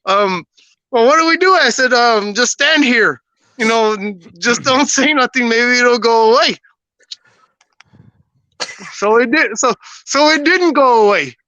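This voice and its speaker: A man who is a podcast guest, casually telling a personal story in an animated way, often laughing and acting out what people said. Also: extremely high pitch, measured pace, long pauses, lo-fi sound.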